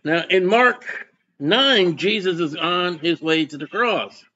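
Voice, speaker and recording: A man's voice: high-pitched, takes it slowly, bright, forceful tone, dull audio. A man preaching a sermon as pastor, folksy and conversational, often putting questions to his congregation.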